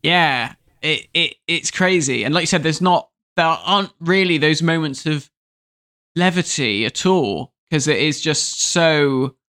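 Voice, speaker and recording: A man's voice: on the high side, animated, unhurried, bright, forceful tone. A man co-hosting a podcast, chatting casually and animatedly, often laughing and quoting scenes. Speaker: podcast co-host. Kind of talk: casual chat review.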